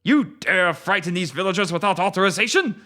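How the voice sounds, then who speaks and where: A man voicing a gruff, boastful ninja leader in a read-aloud story, using a put-on foreign-sounding accent. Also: fairly high pitch, wildly swooping pitch, normal speed, a bit bright. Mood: haughty.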